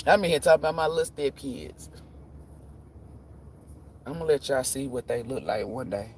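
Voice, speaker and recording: A man's voice: mid-range voice, expressive, moderate pace, long pauses. A man hosting a tarot livestream, chatting casually and telling profane stories. He laughs often and acts out the voices of the people he quotes.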